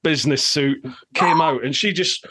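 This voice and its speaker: A man with a Scottish accent hosting a casual chat, telling stories in an animated way with lively asides. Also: on the high side, normal speed, slightly rough, dry recording. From Scotland. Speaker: podcast host.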